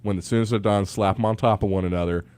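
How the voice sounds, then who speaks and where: A man's voice: fairly low pitch, fairly even intonation, fast, a little mellow, clear, resonant tone. A man co-hosting a morning radio show, telling rambling stories with lots of fillers. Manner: rambling storyteller with many fillers. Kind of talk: casual morning radio banter. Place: radio studio.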